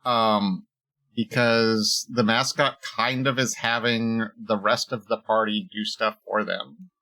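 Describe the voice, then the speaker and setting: A man's voice: fairly low pitch, little pitch movement, slow pace, sharp tone, low-quality recording. A man co-hosting a podcast in casual chat, hesitant, with many ums and short agreements. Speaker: podcast co-host. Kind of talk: casual chat about tabletop games.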